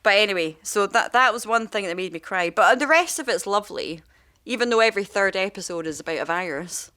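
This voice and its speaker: A woman's voice: mid-range voice, lively intonation, a little fast, bright, forceful tone. A woman, a makeup artist co-hosting a podcast, telling stories in casual, rambling, sweary chat. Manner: rambling, sweary storytelling with many fillers.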